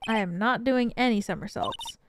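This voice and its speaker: A woman voicing a dry, exasperated young male lawyer in a game read-aloud, in a deadpan, weary manner. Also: on the high side, moderate pace, background noise, natural voice.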